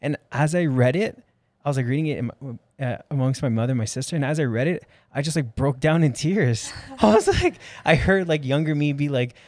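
A man interviewing a guest in casual conversation, relaxed and rambling with many fillers. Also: a little high, fairly quick, no echo.

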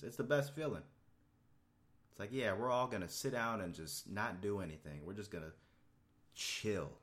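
A young man talks alone on his podcast in a low, relaxed voice, rambling and swearing freely. When he gets heated, his voice jumps up sharply. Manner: laid-back, profane and rambling, voice jumping up when worked up. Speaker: podcast host. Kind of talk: casual solo podcast monologue. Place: Houston, Texas.

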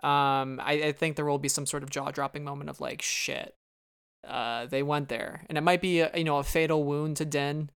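A man hosting a casual fan podcast, relaxed and laid-back as he talks. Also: a little high, quick pace, hardly any pauses, clear, resonant tone. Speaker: podcast host.

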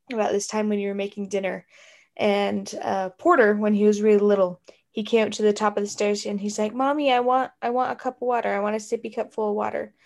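A woman's voice: mid-range voice, a little mellow. Chatty young woman in casual talk. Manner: chatty, with many fillers like you know and um. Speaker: grown child of the other speaker. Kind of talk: casual family conversation.

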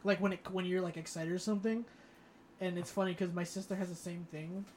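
A man from Florida, co-hosting a casual podcast chat, telling rambling stories full of fillers and quick laughs. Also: high voice, fairly even intonation, a little mellow, slight background noise. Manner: chatty storyteller, many fillers, laughs often.

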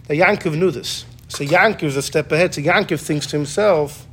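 Animated male Torah teacher, mid-high voice, casual classroom delivery, acts out quotes. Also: fairly quick, hardly any pauses, slightly rough. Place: classroom with students.

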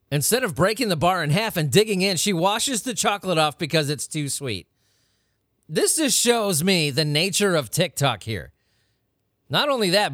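A man's voice: a little high, fairly bright tone, no echo, studio quality. A man hosting a weird-news podcast, ranting casually with lots of profanity and incredulous outbursts. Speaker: podcast host. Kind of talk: casual comedic rant.

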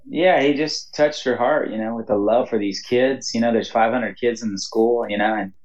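A man's voice: medium pitch, moderate pace, lo-fi sound. A man, a pastor and mission leader, telling stories in a casual interview, often adding "you know" and laughing as he goes. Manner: animated storytelling, frequent "you know" and laughs.

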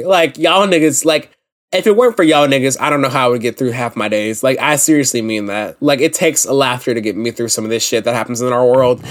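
A man's voice: medium pitch, fairly bright tone. A young man hosting a solo podcast, ranting in a blunt, impassioned and profane way. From United States. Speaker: podcast host.

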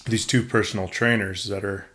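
A man's voice: fairly low pitch, fairly even intonation, moderate pace, pushed and bright. A man co-hosting a podcast, telling stories in an easygoing casual chat and laughing often. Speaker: podcast co-host.

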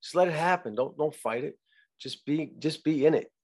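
A man speaking as a podcast guest in casual conversation, reflective and halting, often restarting his sentences. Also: fairly high pitch. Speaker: actor guest.

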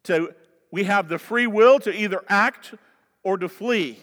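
A Southern preacher with a high, ringing voice that carries through a long-reverb sanctuary. He drives his points hard and loud, then drops low and soft for an aside. The delivery is emphatic, fervent and pulpit-ready. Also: a little slow. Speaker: pastor. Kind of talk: sermon.

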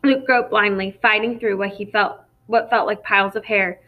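A woman narrates an audiobook chapter in a steady, measured way. Her voice sits at a middling pitch and keeps an even storytelling pace. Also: highs cut off. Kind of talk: scripted narration.

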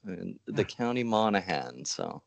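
A man's voice: low voice, big pitch swings, a little slow, creaky, no room sound, highs cut off. A Canadian man co-hosting a podcast in easygoing chat, laughing often. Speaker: podcast co-host.

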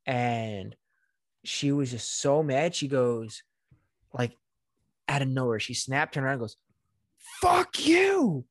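A young man, a new father, co-hosting a podcast and telling a childhood story in a wry, deadpan way with swearing. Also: medium pitch, a little slow, long pauses, no echo, clean studio sound. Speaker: podcast co-host. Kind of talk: casual storytelling.

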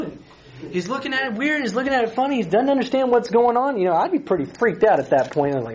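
A man's voice: high voice, expressive, normal speed. A man, a youth pastor, retells a Bible story in a chatty, playful sermon and asks his listeners questions. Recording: slightly dull recording with faint hiss.

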